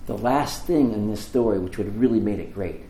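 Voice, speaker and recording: A male pastor preaching a sermon, telling the story with animated voices for the people in it. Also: lowish voice, fairly quick, reverberant, slight background noise. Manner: animated storytelling, acts out dialogue.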